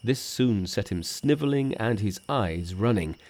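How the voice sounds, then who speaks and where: A man narrating an audiobook in a measured, expressive storytelling manner. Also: on the low side.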